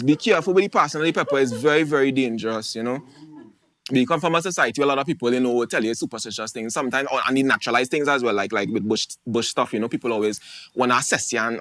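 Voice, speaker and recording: Fast, bright Trinidadian comic. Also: male voice, a little high. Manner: animated, chatty storytelling with dialect phrasing. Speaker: stand-up comedian. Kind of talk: stand-up comedy.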